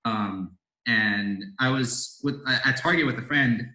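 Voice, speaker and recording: Guy in his 20s from india rambling thru a story, lots of ums and likes, sharp bright voice, echoey room. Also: medium pitch, unhurried. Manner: rambling, many fillers and restarts, swears casually. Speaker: podcast guest, door-to-door salesman. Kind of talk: casual interview storytelling. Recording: roomy echo.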